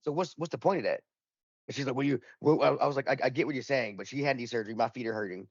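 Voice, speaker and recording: A man's voice: mid-range voice, racing, no room sound, muffled recording. A man in casual podcast chat, telling a rambling, profane anecdote and acting out the dialogue in it. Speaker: podcast panelist.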